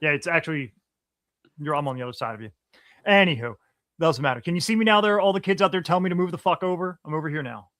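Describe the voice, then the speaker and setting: A man hosting a podcast over a video call, chatting casually, animated and swearing freely. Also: a little high, fast, no room sound. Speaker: podcast host.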